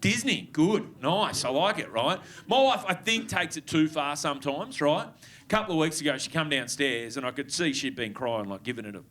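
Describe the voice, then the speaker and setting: A man's voice: fairly high pitch, animated, normal speed, a bit bright. A man in his thirties with an Australian accent, performing a stand-up comedy set in a chatty, sweary way with lots of tag questions. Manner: conversational, swears freely, frequent tag questions. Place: comedy club stage with live audience.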